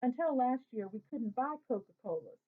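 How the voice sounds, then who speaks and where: Female narrator for a first-person story, lively young-boy telling, slightly high pitch, tinny narrow recording. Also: normal speed. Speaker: audiobook narrator. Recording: tinny phone-like audio.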